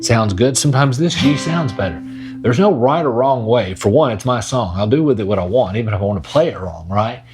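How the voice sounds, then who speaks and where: A man's voice: medium pitch, lively intonation, fairly quick. A man teaching a casual guitar lesson in a laid-back way, talking while he plays. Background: his own acoustic guitar playing.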